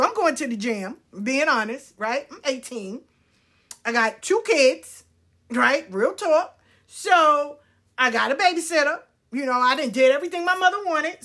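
In a high voice, a woman spins frank, profane stories from her own life with animated energy. Her delivery veers between hushed asides and loud outbursts.

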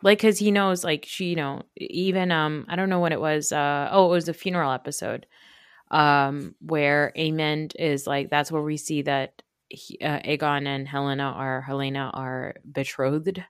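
A man's voice: a little high, fairly even intonation, moderate pace, fairly bright tone, smooth, no room sound, clean studio sound. A man co-hosting a podcast, rambling and gossipy in casual recap chat, full of fillers. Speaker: podcast co-host.

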